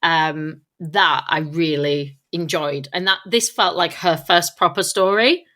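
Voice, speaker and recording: A woman's voice: low voice, takes it slowly, pushed and bright. A woman co-hosting a podcast in casual chat on stage in a theatre, chatty and agreeable. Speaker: podcast co-host.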